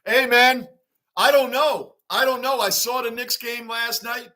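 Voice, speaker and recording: Excitable high-voiced sports streamer man. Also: unhurried. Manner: excitable, rambling, reads chat aloud. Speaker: livestream host. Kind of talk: live sports reaction stream with chat.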